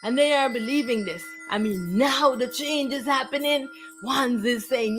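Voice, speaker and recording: A woman's voice: high-pitched, a little slow, soft background music, poor audio. A woman giving a repetitive, declamatory spiritual monologue. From Jamaica. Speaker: spiritual teacher.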